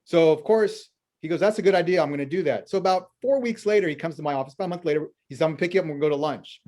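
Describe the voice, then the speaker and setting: Brief: male financial planner guest, fairly high voice, spins stories and acts out both sides of the dialogue. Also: very fast. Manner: lively anecdotes full of quoted dialogue. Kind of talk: storytelling in a conversational interview.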